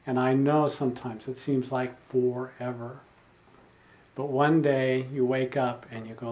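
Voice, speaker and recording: A man's voice: mid-range voice, little pitch movement, unhurried, darkish tone. An older man, a spiritual teacher, giving an earnest sermon and repeating key phrases for emphasis.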